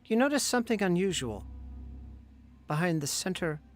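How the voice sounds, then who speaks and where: A man running a tabletop game as game master, describing scenes slowly and asking the players what they do. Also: high voice, very animated. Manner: slow, descriptive, questioning players.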